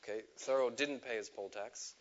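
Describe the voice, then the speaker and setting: A man's voice: medium pitch, moderate pace, lo-fi sound. Man telling a funny story on stage. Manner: animated, laughs at his own story, acts out quotes. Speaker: speaker telling a personal story to an audience. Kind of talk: storytelling talk. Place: stage before a live audience.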